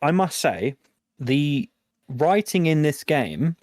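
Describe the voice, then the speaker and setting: A young man, chatting casually as a podcast co-host and telling animated stories. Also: a little high, takes it slowly, no echo, clean studio sound. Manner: animated storyteller, acts out game characters. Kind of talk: casual chat.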